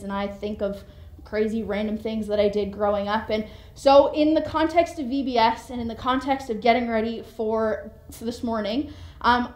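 A young millennial woman preaching a sermon in a chatty, conversational way with lively asides. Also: on the high side. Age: young adult. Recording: echoey room.

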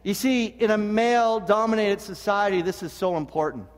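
Speaking at a normal pace, a high-voiced pastor preaches with earnest animation, often restarting sentences and dropping in jokes. His voice echoes with the long reverb of a large church hall.

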